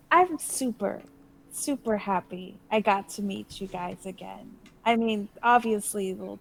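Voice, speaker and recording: Woman playing an earnest young daughter, slow and hesitant. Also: mid-range voice, vocal fry, a little hiss or hum, low-quality recording. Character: young woman, daughter reunited with her father.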